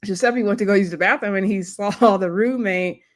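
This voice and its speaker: A woman's voice: mid-range voice, moderate pace. Chatty woman recapping a TV episode. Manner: chatty, laughing storyteller who acts out quotes. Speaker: TV show reviewer.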